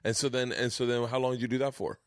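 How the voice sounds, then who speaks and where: A man hosting a podcast, reacting excitedly to a guest's stories in casual chat. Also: mid-range voice, quick pace, no echo, clean studio sound. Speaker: podcast host.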